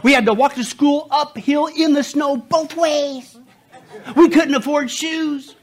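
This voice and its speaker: A man acting out a grumpy parent exaggerating his hard childhood, loud and drawn out. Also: extremely high pitch, steady tone, unhurried, voice pushed up. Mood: mock-grumpy. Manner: shouting, drawn out, mock-grumpy. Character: exaggerating old-timer parent, male, complaining.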